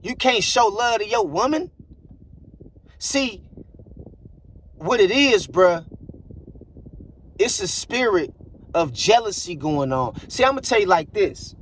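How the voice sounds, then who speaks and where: This relationship commentator speaks slowly, with long pauses, in a high, animated, somewhat bright voice. His casual monologue is blunt and preachy, leaning on repeated lines such as "bruh" and "I guarantee you."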